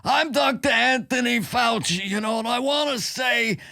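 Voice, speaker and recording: A man's voice: very high voice, normal speed, vocal fry, no room sound, heavily acted. A man doing a hedging, rambling old doctor. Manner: hedging, rambling, deadpan then brash. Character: impression of an older male doctor who hedges everything. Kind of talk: comic impression.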